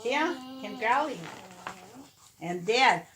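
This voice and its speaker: A woman's voice: fairly high pitch, expressive, takes it slowly, bright, forceful tone, a little hiss or hum. A mother reading a picture book aloud to her toddlers, coaxing and playful, inviting them to join in.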